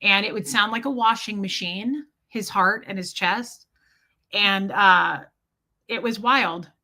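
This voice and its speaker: A woman's voice: medium pitch, takes it slowly, bright, forceful tone. A woman hosting a podcast, telling a personal story in a rambling, candid, emotional way and swearing freely. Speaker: podcast host.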